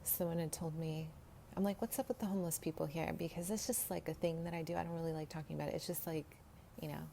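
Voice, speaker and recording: A woman's voice: low voice, fairly even intonation, quick pace, vocal fry, mellow. A woman telling a rambling personal story to her viewers, laughing often and dropping into whispers. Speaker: vlogger. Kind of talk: casual storytelling to camera. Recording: faint background noise.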